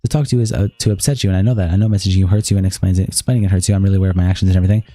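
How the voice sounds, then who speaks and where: A man streaming, reading a long text-message exchange aloud in a rapid, flat read-through. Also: deep voice, dry recording.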